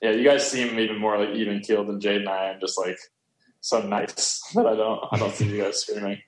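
Casting note: man, podcast guest on a video call, echoey home office, faint hiss, chatty and quick. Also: lowish voice, flat delivery. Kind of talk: casual chat over video call. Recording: echoey room with faint noise.

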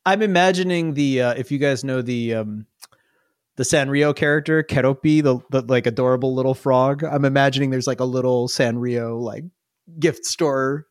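A man narrating and running a tabletop game as game master, animated and often laughing. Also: mid-range voice, normal speed, dry recording, clean studio sound. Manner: animated, laughing, acts out little voices.

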